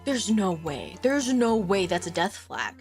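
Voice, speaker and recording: A woman's voice: mid-range voice, sing-song, a little slow, soft background music. A woman streamer giving casual gameplay commentary with dramatic, cursing outbursts, talking to her viewers. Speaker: vtuber streamer.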